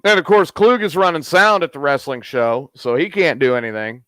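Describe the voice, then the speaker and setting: A man hosting a live show, chatting casually in a rambling, raunchy, excitable way. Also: on the high side, moderate pace, dry recording. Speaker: host.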